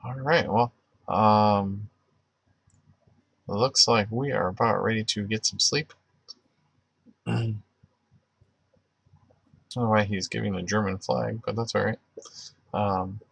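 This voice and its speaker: Male livestream host, low gravelly voice, loose rambling delivery full of restarts. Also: fairly even intonation, unhurried, pauses often, no echo. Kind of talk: casual livestream chat with prayer.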